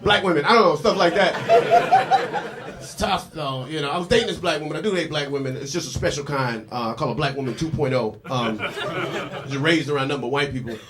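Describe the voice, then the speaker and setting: A man onstage doing a stand-up comedy set in a casual, chatty way, every so often slipping into other people's voices. His voice sits a little high for a man. The recording is full of loud, constant noise from the club. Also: fast. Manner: conversational, acts out voices in quotes. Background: audience laughter.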